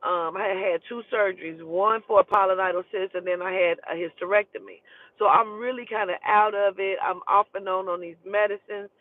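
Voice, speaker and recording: A woman's voice: mid-range voice, steady tone, brisk, no room sound. Woman storyteller, blunt and profane, emotional; tinny dry phone-quality recording. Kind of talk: casual storytelling.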